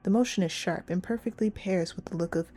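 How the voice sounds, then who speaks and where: A young woman reading a story game aloud and reacting in an animated, giggly, slangy way. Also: lowish voice, fairly quick, faint music behind. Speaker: gamer playing a story game.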